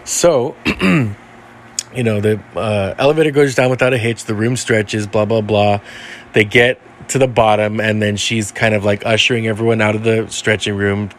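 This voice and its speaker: A man's voice: lowish voice, steady tone, moderate pace, a little hiss or hum. A man casually telling a ghost story he heard from a friend, rambling with lots of fillers. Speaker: guest storyteller.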